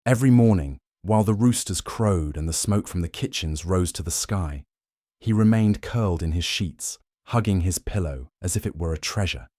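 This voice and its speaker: A man narrating a scripted moral fable in a measured, dramatic way. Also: sits low, animated, mellow, dry recording, clean studio sound.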